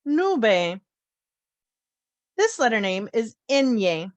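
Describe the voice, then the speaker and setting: Woman phonics teacher, higher voice, very slow and careful delivery, dry sound. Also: very animated, no room sound, lo-fi sound. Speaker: language teacher. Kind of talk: slow children's phonics lesson.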